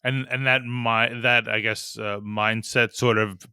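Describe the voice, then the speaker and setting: A man's voice: mid-range voice, little pitch movement, measured pace, bright, forceful tone, clean tone, dry recording, clean studio sound. A man hosting a podcast interview who asks probing, somewhat hesitant questions. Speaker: podcast host. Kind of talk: casual interview.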